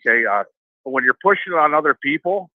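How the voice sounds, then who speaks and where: A man's voice: fairly high pitch, fast, no echo. Profane man rambling over a tinny phone line. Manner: rambling, profane, animated quoting of others. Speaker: caller. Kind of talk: casual phone-in storytelling.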